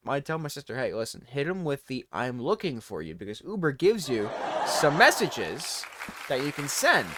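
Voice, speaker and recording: A man's voice: mid-range voice, noisy background. A tired man hosting his own show, telling a rambling comic story and cutting himself off as he laughs along. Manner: rambling, self-interrupting, laughing through his stories. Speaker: host. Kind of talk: casual comedic storytelling monologue.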